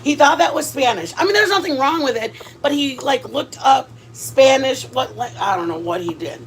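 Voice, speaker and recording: A woman's voice: sits high, lively intonation, moderate pace. A woman hosting a home cooking vlog, chatting casually in a rambling way with lots of fillers and restarts and dropping in Spanish words. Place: home kitchen.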